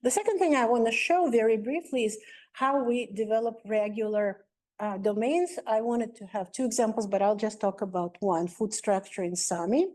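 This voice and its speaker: A woman's voice: a little high, moderate pace, darkish tone. A woman giving an academic linguistics lecture as a guest speaker, explaining step by step with frequent "uh" and "um" fillers.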